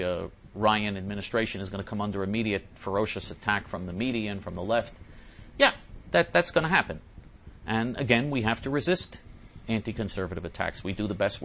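A man's voice: fairly low pitch, gravelly, a bit bright, slight background noise. Emphatic man hosting a talk show. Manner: emphatic and repetitive. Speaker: radio host answering listener mail.

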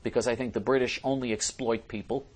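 A man's voice: medium pitch, fairly even intonation, quick pace. A man hosting a talk show, reading listener messages aloud and answering them in an emphatic way, often repeating and restarting his phrases. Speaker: host.

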